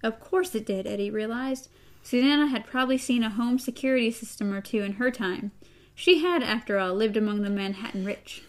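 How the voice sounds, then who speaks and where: Woman, fairly high voice, casual read-aloud, chatty. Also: brisk. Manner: chatty, laughs between passages. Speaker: co-reader.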